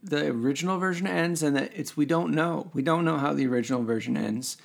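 A man's voice: a little high, brisk, gravelly. A man co-hosting a TV recap podcast, chatting casually and rambling with restarts. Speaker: podcast co-host. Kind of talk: casual chat.

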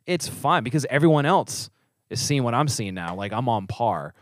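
Mid-pitched guy on a faith podcast, jokey and self-deprecating, dry mic. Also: big pitch swings, normal speed, no echo. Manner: joking, self-deprecating, playful asides. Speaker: podcast co-host. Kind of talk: casual faith discussion.

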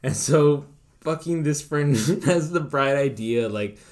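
A man's voice: a little high, expressive, slow pace, darkish tone. Laughing, profane male storyteller. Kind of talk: casual storytelling chat.

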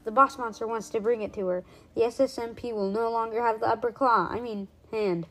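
A showy crab monster magician, bossy, vain and gloating, read aloud by a woman in a storybook. His lines come out loud and raised, with a theatrical swagger. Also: on the high side, fairly even intonation, fairly quick.

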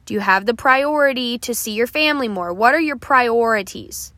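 A woman hosts a motivational podcast, coaxing and encouraging her listeners and checking in with them often. Her voice is bright and forceful and sits a little high. The recording is close and dry, with no room around her. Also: expressive, moderate pace, no room sound. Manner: encouraging, coaxing, with frequent "okay?" check-ins. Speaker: podcast host.

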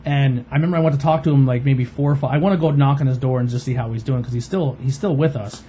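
A fast-talking man, telling a rambling story on a casual podcast. His voice is dark and mellow, with a faint hiss behind it. He leans on fillers and acts out the voices of the people he quotes. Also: mid-range voice. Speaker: podcast host.

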